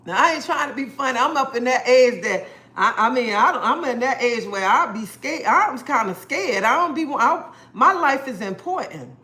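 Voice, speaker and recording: A middle-aged woman with a sharp, slightly high voice and lively intonation chats casually on her livestream at a normal pace. Earnest and a bit preachy, she repeats her points and greets viewers by name.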